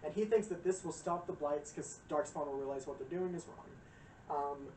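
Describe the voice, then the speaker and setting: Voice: medium pitch, moderate pace, darkish tone. Young adult streamer, rambling and profane, lots of fillers, roomy echo, distant mic, faint hiss. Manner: profane, rambling, frequent fillers and acted quotes. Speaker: streamer giving a game lore lecture. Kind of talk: casual rambling chat.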